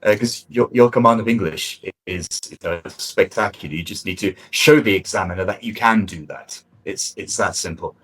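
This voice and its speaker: A man giving spoken feedback on a mock speaking test, encouraging and conversational, often pausing and restarting his sentences. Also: deep voice, fairly bright tone, husky, poor audio.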